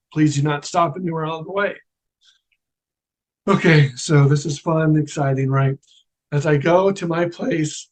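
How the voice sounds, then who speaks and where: A middle-aged man telling a personal spiritual story in a casual, animated way, acting out the voices he quotes. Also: fairly high pitch. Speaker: guest telling his near-death story.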